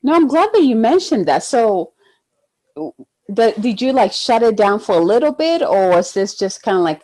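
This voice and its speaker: A woman's voice: on the high side, sing-song, moderate pace. A woman hosting a podcast interview in a casual way, who agrees often and asks open questions. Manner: warmly affirming, frequent agreeing replies. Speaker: podcast host.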